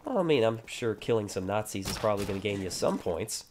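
Man, casual gameplay commentary, sarcastic, animated pitch, faint background noise. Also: quick pace. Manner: sarcastic, jokey asides. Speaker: gaming YouTuber.

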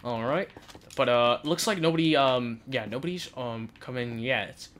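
A man giving live commentary over his own gameplay, talking to himself and getting loud and giggly when things go wrong. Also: mid-range voice, normal speed, slight background noise. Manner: excitable, talks to himself, yells and laughs under pressure. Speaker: gaming YouTuber.

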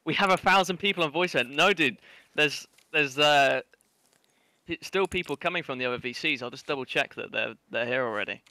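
A man organizing a game event over voice chat, relaxed and joking. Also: on the high side, a little fast, no room sound.

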